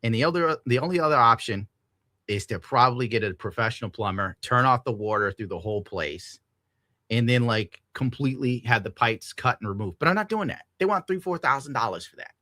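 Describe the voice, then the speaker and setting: A young man from the United States, hosting a livestream and reading donations in a casual, profane, animated rant, laughing often. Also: mid-range voice, brisk, no room sound.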